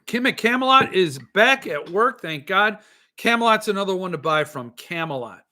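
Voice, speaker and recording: Middle-aged male host, solo podcast chat, bright forceful tone, exasperated and ranting. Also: sits high, animated, moderate pace. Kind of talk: casual solo podcast reading chat comments.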